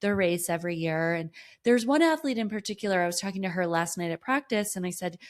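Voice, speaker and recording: A woman's voice: lowish voice, quick pace. A woman in her thirties hosting a podcast as a running coach, talking in an upbeat, enthusiastic, motivational way. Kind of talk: solo podcast talk.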